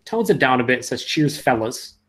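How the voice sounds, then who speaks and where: A man's voice: medium pitch, big pitch swings, brisk, crowd noise. A man hosting a casual live video chat, teasing, laughing and reading out viewer comments with stumbling restarts.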